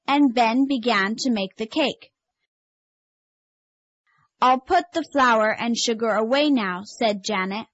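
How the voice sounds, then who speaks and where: Slow woman reading a children's story. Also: fairly high pitch, a bit bright, no echo. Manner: clear, measured storybook delivery. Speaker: story reader on course tape. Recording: dull lo-fi tape audio.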